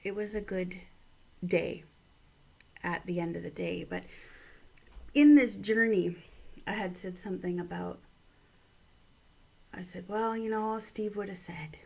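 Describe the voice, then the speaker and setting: A middle-aged woman and mother telling a personal story and offering gentle encouragement, often dropping into soft whispers. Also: on the low side, a little slow, gravelly, pauses often. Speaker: vlog host giving encouragement.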